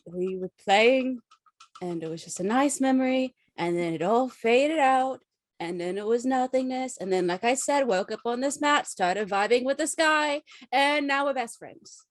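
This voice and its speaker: A woman's voice: a little high, animated, measured pace, dry recording. A woman voicing a cheerful, easygoing young man in a tabletop game, chatty and goofy. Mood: cheery. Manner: chatty, goofy, laughs a lot. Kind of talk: tabletop role-play.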